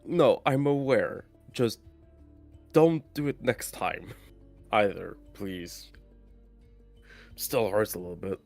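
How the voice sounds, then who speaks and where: A player in a tabletop game speaks slowly, letting the pitch rise and fall a lot, with groans and sighs along the way. Quiet music runs beneath. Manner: slow, groaning, lively delivery. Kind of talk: in-character tabletop play, casual chat.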